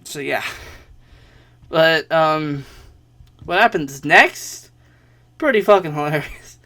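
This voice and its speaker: A man's voice: fairly high pitch, expressive, slow pace, bright, forceful tone. A young man vlogging a rambling personal story in a casual way, swearing often and laughing between lines.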